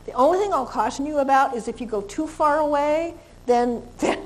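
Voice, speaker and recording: A middle-aged woman lectures on dog behavior in a chatty, laughing way, slipping into quick voices for dogs and owners. Her voice sits a little high for a woman. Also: poor audio.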